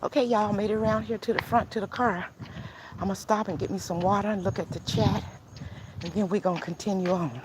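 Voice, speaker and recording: Outdoor noise fills the background as an older woman walks through a neighborhood, live-streaming and chatting casually to viewers. Out of breath, she speaks briskly in a steady, mid-range voice, broken by heavy breaths and sighs.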